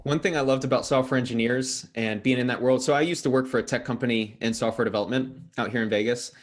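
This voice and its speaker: Man, host of his own interview channel, fast and earnest, mid pitch. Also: fairly even intonation. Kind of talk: casual interview chat.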